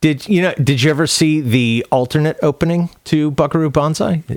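A man's voice: on the high side, steady tone, brisk, no echo, clean studio sound. A man co-hosting a podcast, giving a skeptical, reflective take on a movie in casual talk. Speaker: podcast co-host.

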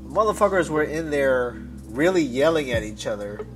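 A man's voice: medium pitch, expressive, moderate pace, fairly bright tone, soft background music. A man telling a story in a casual podcast chat, rambling and cursing with frequent restarts.

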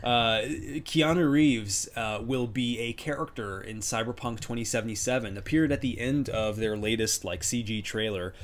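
A man's voice: medium pitch, moderate pace, few pauses. A man chatting casually as a podcast co-host, rambling with lots of fillers and restarts. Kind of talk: casual chat.

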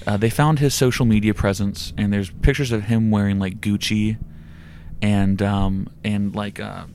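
A low-voiced man hosting an irreverent comedy podcast. He rambles and swears, tumbling through stories in quick, profane bursts with restarts. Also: steady tone, darkish tone, a little hiss or hum. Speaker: podcast host. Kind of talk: crude comedic podcast chat.

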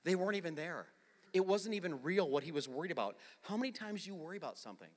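A middle-aged male pastor preaching a sermon in a conversational, storytelling way that swells into forceful emphasis. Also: a little high, expressive, fast talker. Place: large church. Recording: long hall reverb.

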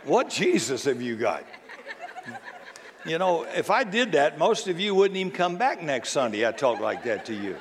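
Male pastor with a somewhat high voice, preaching conversationally and quizzing the congregation, with long church reverb. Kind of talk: sermon. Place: church sanctuary.

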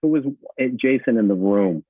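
A man's voice: on the low side, expressive, a little fast, noisy background. A man, an actor guest, chatting casually in an interview, rambling with many fillers and restarts. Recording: tinny phone-like line, dry.

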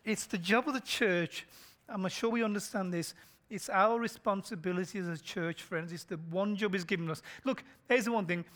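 A male pastor preaching an urgent sermon, swinging between loud emphasis and near whispers. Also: high-pitched, moderate pace, hardly any pauses. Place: church in a shopping complex.

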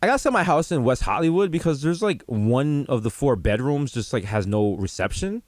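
Animated comedic male podcast host. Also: medium pitch, brisk, no room sound. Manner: riffing, mock-posh bits, lively swings. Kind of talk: casual comedic chat.

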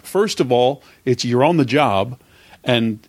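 A man interviewing a stuntman, chiming in with enthusiastic comments and quick asides. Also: mid-range voice, expressive, dry recording. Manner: enthusiastic, chimes in with short reactions. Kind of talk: conversational interview.

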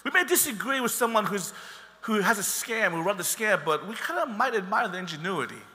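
A man's voice: sits high, expressive, fairly quick, pushed and bright, in a large hall. A man preaching a sermon as pastor, talking in a conversational way and joking with the congregation.

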